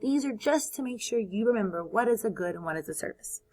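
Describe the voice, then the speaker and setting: Teaching first graders on a recorded video, this woman's voice runs high with a somewhat dark tone, and she's animated. Her delivery is sing-song and encouraging as she slowly sounds out words for the children.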